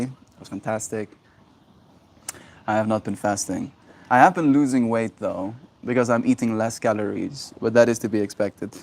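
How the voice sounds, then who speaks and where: A man hosting his own daily stream, high and rambling in a casual, halting way with many restarts. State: high on cannabis. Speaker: livestream host. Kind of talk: casual solo stream chat.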